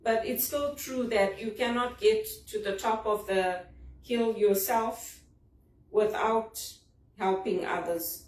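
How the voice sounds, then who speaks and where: Here a woman from Zimbabwe vlogs about a leadership book, her monologue earnest, reflective and personal. She speaks at a medium pitch with a slightly mellow quality, picked up by a far-off mic that leaves the sound roomy.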